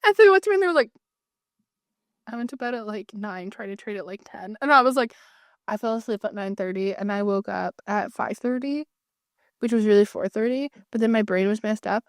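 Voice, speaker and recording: A woman co-hosting a podcast in casual chat, talking quickly and breaking into bits of jingles. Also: medium pitch, expressive, no room sound, clean studio sound. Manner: chatty, bursts into sung jingles. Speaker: podcast co-host.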